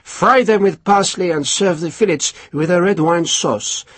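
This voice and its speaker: A man's voice: high voice, unhurried, a bit bright, husky, no echo, voice pushed up, exaggerated voice. A male narrator voicing a stubborn, grudging army cook who speaks doggedly and indignantly, in an audiobook.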